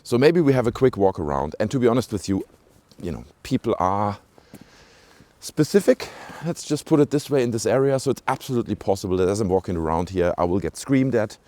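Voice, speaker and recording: A man's voice: fairly low pitch, animated, a little fast, mellow. A man with a British-sounding accent, chatting casually to viewers as he walks around a village outdoors, rambling with many asides and fillers, recorded on a handheld camera. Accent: British-sounding English. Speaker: vlogger. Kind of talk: casual walking vlog commentary. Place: outdoors in a small rural village. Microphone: handheld camera mic while walking.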